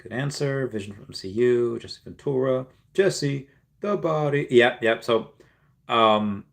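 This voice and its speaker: A man's voice: medium pitch, measured pace, vocal fry, a bit bright. A man streaming live and chatting casually, reading viewer messages aloud and replying in a rambling way full of fillers and restarts. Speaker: streamer answering live chat. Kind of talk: casual livestream chat.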